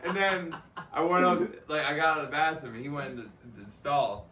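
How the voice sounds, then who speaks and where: A man's voice: a little high, animated, fairly quick, sharp tone, echoey room, recorded from a distance, slight background noise. Laughing man telling work stories. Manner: laughing, swearing, acts out quotes. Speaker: podcast co-host. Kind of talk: casual storytelling chat.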